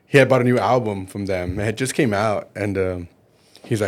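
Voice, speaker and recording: A middle-aged man, bass player and band manager, telling stories in a casual interview and acting out the people he quotes. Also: normal speed. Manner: animated storyteller, acts out quoted voices.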